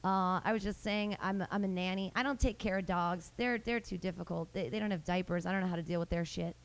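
A woman with a lowish, steady voice talks a little fast in a stand-up comedy set, performing in a small room at a live show. A comedy host and stand-up comic, she's brash, rambling and self-mocking, full of fillers and restarts.

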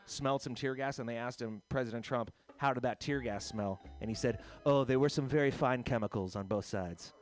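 A man's voice: mid-range voice, brisk, hardly any pauses, faint music behind. A man hosting a loose comedy radio show, rambling through jokes and bits. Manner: rambling, jokey, slips into silly voices.

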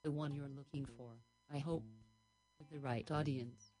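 A woman tells an improvised story on the radio, her voice pitched low. She rambles dreamily from one long sentence into the next. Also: steady tone, normal speed, warm tone, soft background music, poor audio.

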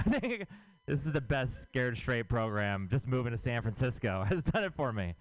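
A man from Houston working through a stand-up set on a club stage, rambling and swearing freely. His voice comes across smooth and resonant, close and dry on the mic. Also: mid-range voice, sing-song, normal speed, dry recording. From Houston, Texas. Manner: rambling, profane, laughs at own jokes. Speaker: stand-up comedian.

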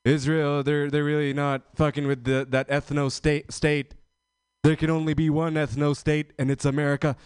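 Guy doing open mic standup, rambly, lots of ums, clean smooth voice, dead dry sound. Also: fairly high pitch, level tone, normal speed, no room sound. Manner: rambling, self-deprecating, filler-heavy delivery. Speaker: stand-up comedian.

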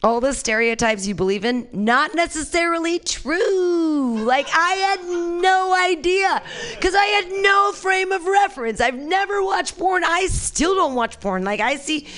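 A Californian woman performs a brash, crude stand-up comedy set, swinging between shrieked punchlines and low muttered asides. Her voice is expressive and a bit bright, her pace a little slow, with hardly any pauses.

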